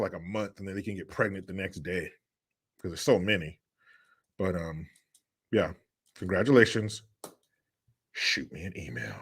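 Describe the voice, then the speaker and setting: Bright-voiced joking male streamer. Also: mid-range voice. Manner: joking, sarcastic, laughs often. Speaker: livestream host reading viewer donations. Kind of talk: casual livestream chat.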